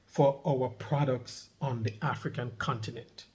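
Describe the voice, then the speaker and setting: Reading a news article aloud for his vlog, a middle-aged man interrupts himself to comment, repeating important points with emphasis and urging listeners to underline words. His medium-pitched voice is a little mellow, moving at a moderate pace with few pauses.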